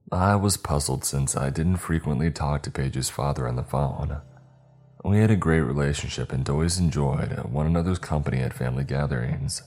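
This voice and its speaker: A man narrating a scary story in a calm, measured storytelling manner. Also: a bass voice. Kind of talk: scripted horror story narration. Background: faint music.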